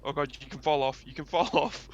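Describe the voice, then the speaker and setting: A man's voice: a little high, a little fast, lo-fi sound. A male podcast host chatting casually and joking while playing a game. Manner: playful, joking banter. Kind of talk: casual chat while gaming.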